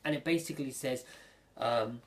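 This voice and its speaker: A man chatting through an episode recap in a loose, rambling way. He gets excitable and piles on "um" and "like" as he goes. His voice sits at an ordinary middle pitch. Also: moderate pace. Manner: rambling, filler-heavy, excitable. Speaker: anime reviewer.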